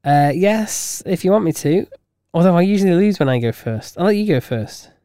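A man co-hosts a casual chat podcast, his voice at an ordinary pitch and recorded close and dry. He laughs often and answers with dry, teasing remarks. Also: animated, normal speed, dark tone, smooth, no echo. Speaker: podcast co-host.

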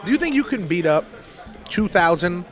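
A man hosting a casual comedy podcast, swearing freely and talking in quick, animated asides. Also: high voice, soft background music. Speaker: podcast host.

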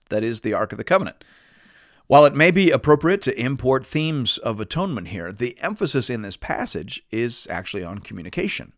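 A man teaching a Bible study, reading scripture aloud and explaining it in a measured way with lively emphasis. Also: mid-range voice, no room sound, clean studio sound.

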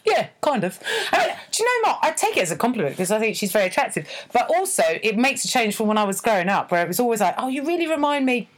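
Chatty woman with lively pitch. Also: racing, few pauses. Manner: chatty, self-deprecating, often restarts. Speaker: podcast co-host. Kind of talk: casual chat.

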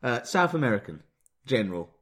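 A man's voice: mid-range voice, big pitch swings, brisk, fairly bright tone. A man hosting a comedy podcast in casual chat, with a dry, teasing manner. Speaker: podcast host.

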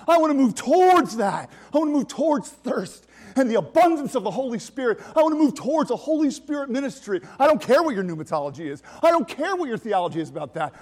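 A male pastor preaching a sermon in a conversational style, full of restarts and sudden swings between soft and loud. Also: high-pitched.

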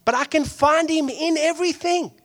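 A pastor preaching a conversational sermon, moving from hushed asides to loud, excited peaks and acting out the people he quotes. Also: very high voice, normal speed.

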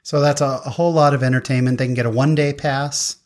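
A man's voice: medium pitch, fairly even intonation, fast talker. A man hosting a talk show, chatting with guests and telling a personal story in an upbeat, earnest way. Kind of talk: casual chat and personal storytelling.

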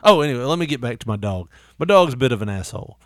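A man's voice: medium pitch, big pitch swings, very fast, fairly bright tone, no echo, studio quality. A man hosting a casual chat, rambling through stories with frequent swearing and laughter. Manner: rambling storyteller, swears often, laughs a lot. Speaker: podcast host.

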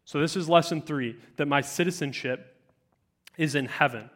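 A man in his twenties giving a youth sermon, telling stories to high schoolers with lots of fillers and animated asides. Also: moderate pace. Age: 20s. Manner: animated storytelling, many fillers. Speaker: youth speaker.

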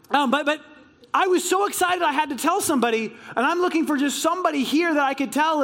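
A man with a strikingly high voice delivers a sermon to his congregation. He tells his stories with bubbling excitement and acts out the dialogue of the people in them. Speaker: pastor.

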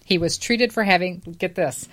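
A woman's voice: lowish voice, moderate pace. A woman reading a news story aloud on a casual podcast, in a plain, matter-of-fact way.

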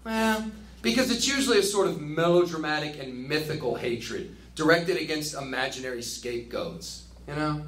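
A man's voice: a little high, moderate pace. Chatty man teaching in a roomy space. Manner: chatty, animated, laughs at own jokes. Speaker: teacher leading a book study. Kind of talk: casual teaching commentary. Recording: roomy with faint ambience.

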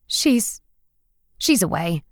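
A woman's voice: on the low side, very animated, extremely slow, no echo, clean studio sound, heavily acted. A woman voicing a weary, grieving young woman who forces a brave front, in an audiobook reading. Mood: tense. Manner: tense, forcing a brave front.

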